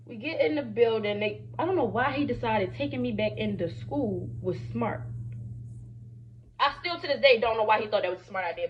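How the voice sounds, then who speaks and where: A woman's voice: fairly high pitch, dull audio, a little hiss or hum. Chatty young woman telling a story. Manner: animated, chatty, repeats "you feel me" and "y'all". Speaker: vlogger. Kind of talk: storytime vlog while doing makeup.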